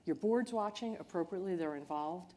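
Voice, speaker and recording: A woman speaking as a company chief executive on a panel, in a measured, earnest way. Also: fairly low pitch, dark tone. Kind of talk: panel discussion.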